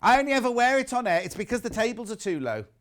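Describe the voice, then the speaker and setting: A man's voice: very high voice, very animated, quick pace, a bit bright. A male TV shopping host who chats live in a studio, reads out viewer messages and jokes about himself. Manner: chatty, self-mocking, jokey. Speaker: shopping channel presenter.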